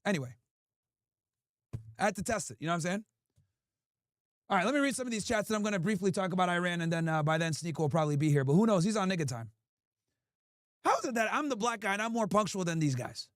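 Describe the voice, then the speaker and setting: A man's voice: sits high, lively intonation, quick pace, pauses often, no echo, studio quality. A man hosting a livestream in casual talk, profane and ranting as he answers his chat. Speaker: streamer host.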